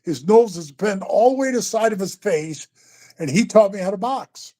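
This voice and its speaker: A man in his sixties telling stories in a casual chat, animated and profane, calling the host bro and man all the time. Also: sits high, normal speed. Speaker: guest storyteller. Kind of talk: casual storytelling.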